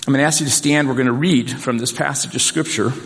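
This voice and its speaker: A man preaching a sermon as pastor in a church, earnest and emphatic, slowing down and repeating key points. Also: mid-range voice, fairly even intonation, creaky, a bit bright. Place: church sanctuary. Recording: long reverb of a large hall.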